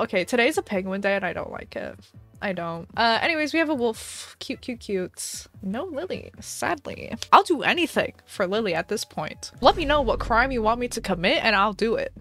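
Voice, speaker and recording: Chatty young woman gaming with soft music. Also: fairly high pitch. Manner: chatty and expressive, squeals and laughs at good luck. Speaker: gaming video creator. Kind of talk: casual gaming commentary. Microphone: headset or desk mic.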